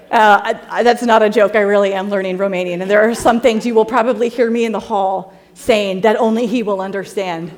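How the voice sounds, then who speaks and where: A woman in her thirties giving a casual, humorous talk with slides, chatty and quick to laugh as she tells stories and acts out quotes. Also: on the high side. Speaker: speaker presenting slides to a group.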